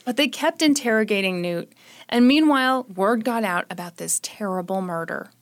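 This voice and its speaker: A woman's voice: medium pitch, lively intonation, moderate pace. A young woman hosting a podcast, telling a true-crime story in a casual, sarcastic way. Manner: sarcastic, joking. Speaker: podcast host.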